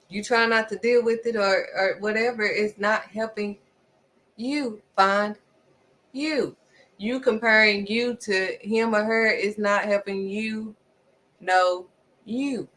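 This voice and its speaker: A woman preaching to camera at a slow, deliberate pace. She hammers her points home by repeating them and now and then slips into other people's voices to make a point. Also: medium pitch, fairly bright tone. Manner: emphatic, repeats lines for stress. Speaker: faith-based vlogger.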